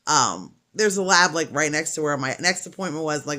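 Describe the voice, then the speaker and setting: Sitting low in pitch, this middle-aged woman sounds animated and sharp, speaking at a moderate pace. She vlogs as she crochets, rambling through a long story in a casual, chatty manner with frequent laughter.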